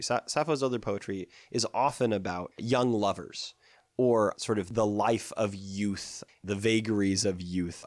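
A man reciting a poem slowly, then explaining its verse in a relaxed lecturing voice. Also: lowish voice, no echo, studio quality. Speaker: lecturer on ancient poetry. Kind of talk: poetry reading and lecture.

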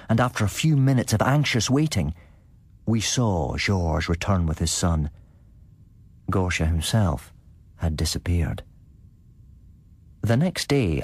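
A man tells a gothic tale in a measured, scripted narration. His voice sits very low with a husky grain, and the recording is dry and close to the mic. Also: a little mellow, no echo.

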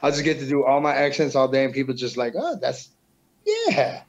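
A man's voice: mid-range voice, level tone, racing, dull audio. Slangy man, loose casual chat. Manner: loose slangy talk, swears often, says bro a lot. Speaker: musician guest.

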